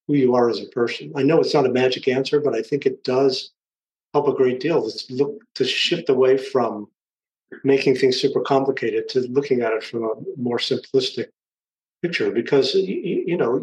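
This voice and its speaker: A male therapist speaking calmly and encouragingly at a middle pitch. His voice is measured and reflective. It sounds roomy, with echo from the space around him. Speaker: therapist guest. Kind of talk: reflective conversational advice.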